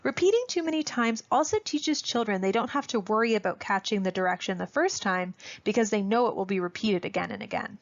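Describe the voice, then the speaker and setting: Gravelly woman narrating a parenting webinar. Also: mid-range voice, expressive, a little fast, hardly any pauses. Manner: clear, instructive, parent-directed. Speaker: speech-language presenter. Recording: dull lo-fi audio.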